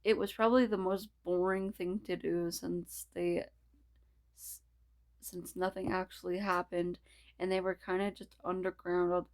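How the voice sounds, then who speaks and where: Slow-reading woman, stumbling narration. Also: on the low side, little pitch movement. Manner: stumbling, restarting, laughing asides. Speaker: reader. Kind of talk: reading fan fiction aloud.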